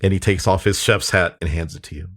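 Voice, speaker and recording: A man narrating as dungeon master of a tabletop game, animated and often laughing. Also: low-pitched, fast, gravelly.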